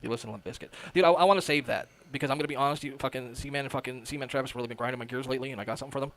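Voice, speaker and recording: A man rambling quickly as a livestream guest, full of fillers and casual swearing. His voice sits at a middle pitch and moves briskly. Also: a bit bright.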